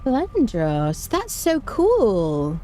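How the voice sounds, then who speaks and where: A woman's voice: a little high, wildly swooping pitch, drawn-out words, warm tone, a little hiss or hum. A woman chatting casually on a game stream, reading viewer messages aloud and laughing often. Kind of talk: casual live-stream chat while gaming.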